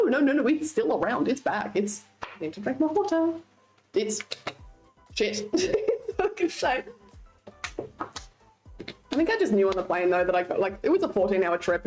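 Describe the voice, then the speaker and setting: Young aussie woman chatting to stream chat, swears a lot, voice jumps all over, faint music behind. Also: mid-range voice. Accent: Australian. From Australia. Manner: chatty, swears freely, laughs often. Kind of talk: casual chat with live chat.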